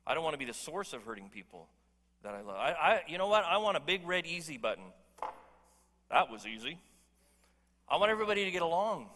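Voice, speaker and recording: Male pastor, sermon delivery, bright and forceful, joking with the room, long hall reverb. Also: fairly high pitch. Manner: emphatic, conversational, jokes with the congregation. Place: church hall.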